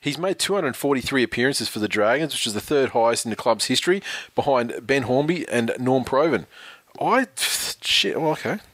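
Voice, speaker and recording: A man's voice: mid-range voice, expressive, moderate pace, a bit bright, dry recording. Male host, sardonic, swearing, in a dry booth. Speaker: podcast host. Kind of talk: casual sports banter, reading news.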